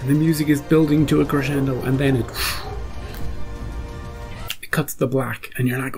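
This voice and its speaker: A man's voice: medium pitch, steady tone, normal speed, pauses often, a little mellow, faint music behind, low-quality recording. A man hosting a reaction channel, recapping an episode with rising emotion and acting out his own gasps and urgings. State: choked up.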